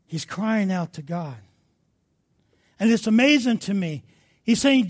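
Male pastor, very high voice, slow and fervent sermon delivery, from hushed to loud. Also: animated. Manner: impassioned preaching that swings between hushed and loud.

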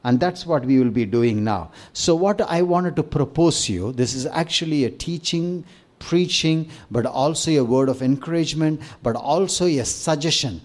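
A man's voice: on the high side, moderate pace. A man preaching a sermon as pastor to his church family, earnest, repeating phrases and building lists with rising emphasis.

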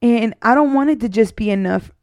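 A woman's voice: on the high side, fairly quick, a little mellow, dry recording, clean studio sound. A woman in her twenties hosting a podcast, talking earnestly and from the heart about her faith, rambling with many fillers. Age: 20s. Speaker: podcast host. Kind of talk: casual faith testimony.

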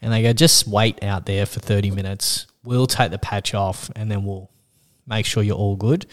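A man's voice: on the low side, moderate pace. A man hosting a casual podcast chat, telling a story with lots of swearing and acted-out voices. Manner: animated, swears freely, acts out quoted voices. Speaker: podcast host.

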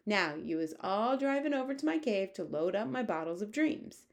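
A woman's voice: mid-range voice, very animated, normal speed. A woman voicing a huge, kindly old male giant who speaks in jumbled grammar in a storybook reading. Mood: explaining. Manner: jumbled grammar, gentle and plain-spoken.

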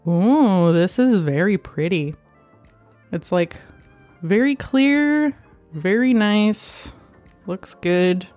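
A woman hosting her own podcast in casual chat, excitable and scattered, swearing freely as she talks. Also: medium pitch. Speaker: podcast host.

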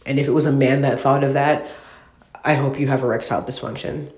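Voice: medium pitch, fairly even intonation, fairly quick. Exasperated profane ranter in an echoey room. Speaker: podcast host. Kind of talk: solo ranting monologue. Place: newly moved-into apartment, sparsely furnished.

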